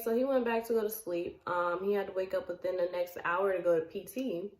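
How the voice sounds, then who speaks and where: A young woman vlogger telling a personal story in a casual, animated way. She laughs often and acts out the lines that people said. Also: medium pitch, a little fast, few pauses. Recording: echoey room.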